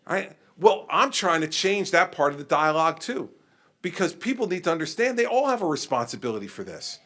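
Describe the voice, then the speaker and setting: A middle-aged man who is a governor, answering a question at a public forum in an animated, conversational way. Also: a little high, brisk. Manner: animated, conversational, acts out exchanges with people.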